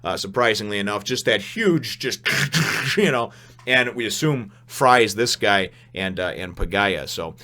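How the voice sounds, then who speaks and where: A young man rambles through a casual spoken review of a manga chapter, his voice sitting on the low side and his pace unhurried. He sounds animated, laughs often, and keeps stumbling over fillers and restarts.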